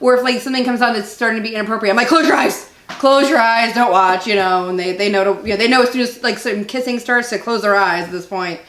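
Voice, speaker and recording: Animated storytelling woman in echoey room. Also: medium pitch, quick pace, few pauses. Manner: animated storyteller, acts out quotes. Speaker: podcast co-host. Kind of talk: casual chat.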